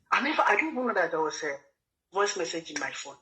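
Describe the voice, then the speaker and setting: A man's voice: sits high, sing-song, rapid-fire, pushed and bright, poor audio. A man from Nigeria with a Nigerian accent, telling his personal story in a repetitive, pleading way full of quoted speech. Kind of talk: emotional personal testimony.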